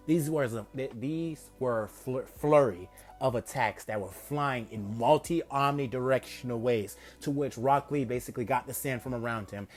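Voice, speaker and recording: Man, mid-pitched voice, casual story narration, excitable, stumbles and self-corrects. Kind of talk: casual fan-fiction narration.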